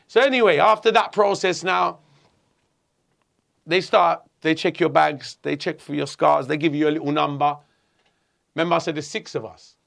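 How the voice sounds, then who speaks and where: A middle-aged man from England, telling a story in an interview, animated and swearing a lot. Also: fairly high pitch, moderate pace, creaky, long pauses. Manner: animated, swearing, acts out voices. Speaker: guest.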